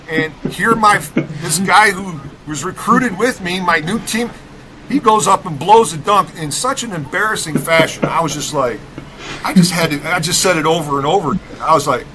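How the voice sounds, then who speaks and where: A middle-aged man from Rockford, Illinois, a podcast guest telling an animated story about his college basketball days, emphatic and fond of tagging his lines with "okay?". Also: a little high, normal speed, a crowd in the background, low-quality recording.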